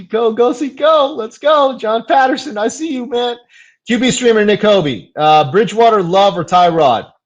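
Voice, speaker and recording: A young man hosting a fantasy football show, chatting casually in a loose, slangy way with lots of fillers, and quick to get heated before laughing it off. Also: medium pitch. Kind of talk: casual live stream chat.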